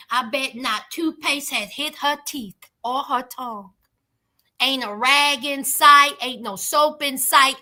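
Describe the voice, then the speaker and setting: A woman's voice: sits high, sharp tone. A woman giving a comedic, sassy recap of a reality show, mocking the people in it with dramatic flair. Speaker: reality TV commentator.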